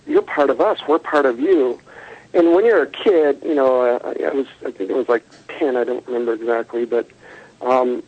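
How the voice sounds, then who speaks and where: A man talks through his memories at an ordinary pitch, earnest and rambling, stopping to restart his sentences. The sound comes through a dull, muffled line. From United States. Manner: earnest storytelling with fillers and self-corrections. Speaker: guest recounting encounters.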